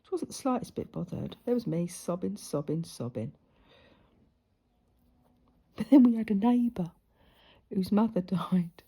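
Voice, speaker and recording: A middle-aged woman, a sewing vlogger, chats casually while she sews, rambling through stories and slipping into whispered asides. Her husky, dark-toned voice sits at medium pitch with lively intonation, normal speed and long pauses. The camera mic is close in front of her.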